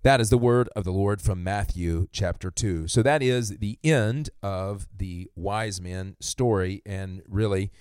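A low-pitched man reading scripture as a pastor, in a relaxed way with frequent fillers. The recording is close and dry. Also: unhurried, hardly any pauses, clean tone, no echo.

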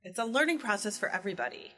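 Over soft background music, a woman in her forties with a mid-range voice talks rapid-fire in casual chat. She's an animated storyteller sharing a parenting story and acting out the quotes.

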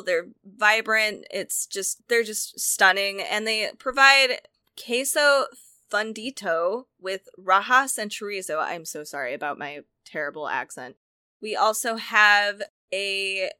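Bright upbeat woman chatting away, dry close sound, keeps restarting sentences. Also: mid-range voice, smooth, no room sound. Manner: enthusiastic, chatty, self-correcting. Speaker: co-host reviewing cookbooks. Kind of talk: casual chat.

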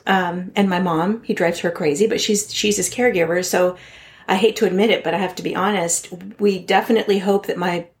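A woman's voice: on the low side, fairly even intonation, brisk. A woman from Southern California, a podcast guest, telling a personal story in an earnest, candid and heartfelt way.

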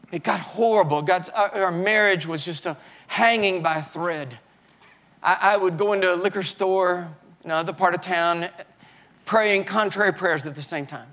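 Male pastor, older, higher-pitched, personal testimony sermon that builds loud and then drops low. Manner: swings from shouting fury to quiet, halting confession.

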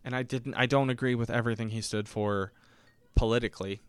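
A man's voice: medium pitch, fairly even intonation, a little fast, smooth, no echo. A man hosting a podcast, telling stories in a casual, rambling way, often correcting himself and acting out the people he quotes. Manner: rambling, self-correcting, acts out quoted voices. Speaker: podcast host. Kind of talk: casual solo storytelling.

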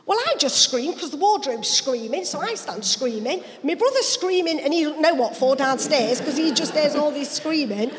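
Lively storytelling woman in a reverberant church. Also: sits high, normal speed, hardly any pauses. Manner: lively dialect storyteller, acts out voices. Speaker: pastor, interview guest. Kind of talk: personal testimony storytelling.

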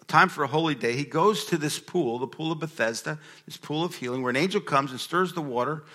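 Bright-voiced male pastor preaching. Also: a little high. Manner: conversational, reads aloud and asks the room questions. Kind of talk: sermon with scripture reading.

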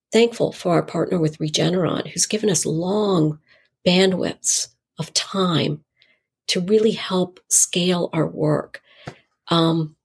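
A middle-aged woman with a gravelly, husky voice that sits on the lower side. She tells her stories conversationally as an interview guest and slips into lively acted-out dialogue. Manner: animated, acts out dialogue in her anecdotes. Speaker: nonprofit founder, interview guest. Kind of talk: conversational storytelling.

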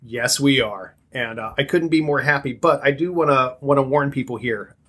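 A man's voice: medium pitch, normal speed, pushed and bright. Jokey male podcast co-host. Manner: jokey, sarcastic. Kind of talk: casual chat.

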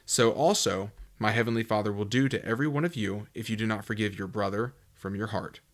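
Male Bible teacher: reads passages, then unpacks them conversationally, with sudden leaps up in pitch for emphasis. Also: a little fast. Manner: reads scripture, then explains in a relaxed, musing way with fillers; swings into high, loud emphasis when stressing a point.

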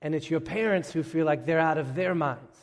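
Male pastor, slightly high-pitched, casual story-driven sermon delivery, long church-hall reverb. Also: a little fast. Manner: conversational, humorous storytelling with acted-out quotes.

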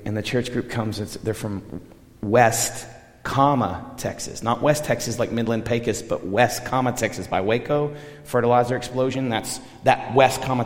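Middle-aged male preacher, storytelling sermon, animated and chatty, mid-range voice, big reverberant hall. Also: mid-range voice. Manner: animated, conversational, acts out dialogue. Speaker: missionary preacher.

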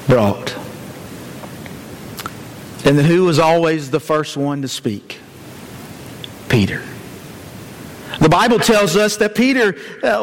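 A man's voice: high voice, a bit bright, long reverb tail, a little hiss or hum, low-quality recording. A man preaching a sermon, citing scripture verses and putting rhetorical questions to the congregation.

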